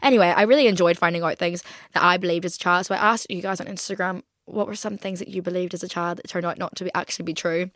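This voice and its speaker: A woman's voice: lowish voice, steady tone, fast, a bit bright, dry recording, clean studio sound. A young woman in her twenties with an English accent, chatting casually as a podcast host and rambling with lots of "like". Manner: rambling, heavy use of "like". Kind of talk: casual chat.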